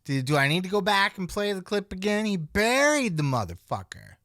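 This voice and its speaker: A man's voice: high-pitched, very animated, brisk, fairly bright tone, dry recording, clean studio sound. A man hosting a podcast, giving casual, opinionated commentary full of swearing. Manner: profane, opinionated. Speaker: podcast host.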